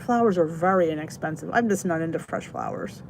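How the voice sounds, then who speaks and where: A woman's voice: sits low, brisk, vocal fry, a little hiss or hum. A woman hosting a casual live-stream chat, rambling from one thought to the next and often stopping to say good night to her viewers.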